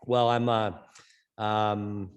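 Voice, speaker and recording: A middle-aged man from California, a softball coach being interviewed on a podcast, who stutters and often repeats words and fills pauses. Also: on the low side, level tone, clear, resonant tone, dull audio. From Orange County, California. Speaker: head softball coach, guest.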